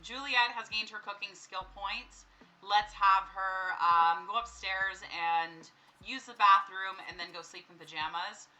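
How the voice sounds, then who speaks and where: A woman's voice: mid-range voice, unhurried, pushed and bright, low-quality recording. A young woman giving casual let's-play commentary, chatting to the characters on screen and breaking into startled, laughing screams. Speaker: gameplay streamer.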